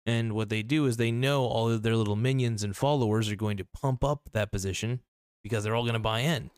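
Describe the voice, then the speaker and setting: A man's voice: medium pitch, brisk, clean tone, no echo, clean studio sound. A man giving casual reaction commentary in a blunt, rambling way, swearing freely and restarting his sentences.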